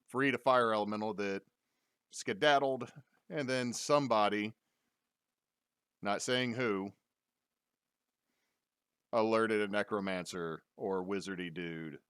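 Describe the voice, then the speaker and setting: A man's voice: on the low side, a bit bright, smooth, dry recording, clean studio sound. A man acting as dungeon master, giving a casual, jokey recap of a tabletop game on a stream.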